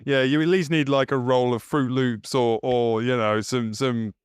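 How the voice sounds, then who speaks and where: A man's voice: mid-range voice, steady tone, normal speed, clear, resonant tone, no room sound, studio quality. A man co-hosting a casual podcast, joking and laughing often, rambling with restarts. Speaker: podcast co-host.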